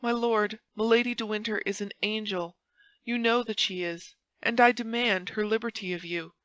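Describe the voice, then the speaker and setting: A woman's voice: mid-range voice, steady tone, moderate pace, a bit bright, clear, resonant tone, no echo, lo-fi sound, natural voice. A woman voicing a fervent young male officer who pleads insistently and grows impassioned. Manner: impassioned, insistent, rising intensity.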